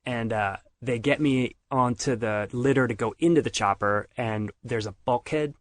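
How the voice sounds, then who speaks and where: A man's voice: mid-range voice, moderate pace, no echo. Man retelling a story in a dry close sound. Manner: animated retelling, acts out others' lines. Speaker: podcast guest. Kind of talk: casual storytelling.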